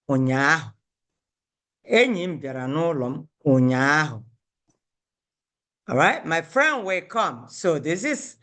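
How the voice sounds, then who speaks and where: Patient woman teaching on a video call. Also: deep voice. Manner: patient, repeats phrases slowly for learners. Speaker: Igbo language teacher. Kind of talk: online language lesson.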